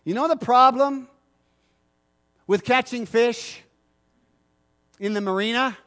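A man's voice: very high-pitched, slow, fairly bright tone. A middle-aged male pastor preaching a sermon, emphatic and repetitive, asking the congregation for agreement.

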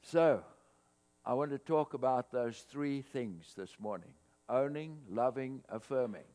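A man preaching a sermon to his congregation, swelling louder on scripture quotes. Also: medium pitch, measured pace. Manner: expressive preaching, rising loud on scripture quotes. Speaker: pastor. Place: church hall, cold morning. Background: mains hum.

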